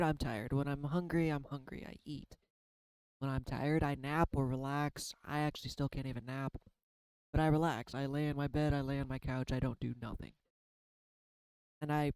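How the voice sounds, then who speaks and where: A man's voice: mid-range voice, darkish tone, clear, resonant tone, no echo, poor audio. A tired man in his thirties talking casually and candidly in a rambling way, now and then swearing. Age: 30s. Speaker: tarot reader and artist. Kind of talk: casual spiritual vlog.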